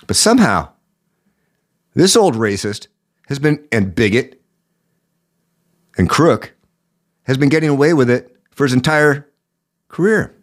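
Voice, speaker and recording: A man's voice: medium pitch, animated, a little slow, long pauses. A man hosting a political podcast, giving indignant commentary with a sore throat. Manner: indignant, rising emphasis. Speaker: podcast host.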